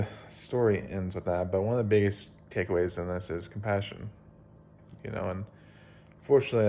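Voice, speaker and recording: A man's voice: fairly low pitch, vocal fry, dark tone, slight background noise. A young man, a video blogger, casually retelling a Bible story at home in a plain-spoken, rambling way with fillers.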